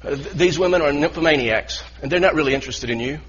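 Husky man preaching a sermon. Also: on the high side, fast, a bit bright, lo-fi sound. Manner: earnest preaching with repeated restarts. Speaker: pastor.

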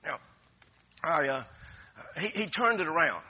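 A man's voice: on the high side, big pitch swings, unhurried, sharp tone, slightly rough, muffled recording. A man preaching a sermon with passion, repeating phrases and restarting often. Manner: impassioned, repetitive preaching with many restarts. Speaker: pastor.

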